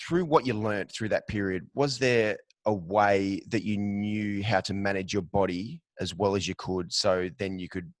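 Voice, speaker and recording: A middle-aged man hosting a podcast interview, reflective and quick to laugh, asking long rambling questions. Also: lowish voice, dry recording. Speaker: podcast host. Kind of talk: casual interview chat.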